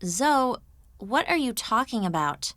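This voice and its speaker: A woman's voice: on the high side, big pitch swings, unhurried, fairly bright tone, dry recording, studio quality, pitched above the performer's own voice. A woman narrating an audiobook, voicing a drowsy, skeptical young woman with a wry manner. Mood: puzzled. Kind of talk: audiobook character voice.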